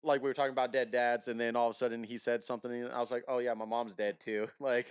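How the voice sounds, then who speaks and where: A man with a smooth, clear voice, recorded dry and close, chatting casually on a podcast. He tells stories with deadpan dark humor. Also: medium pitch, fast talker, dry recording. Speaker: podcast co-host. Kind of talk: casual chat.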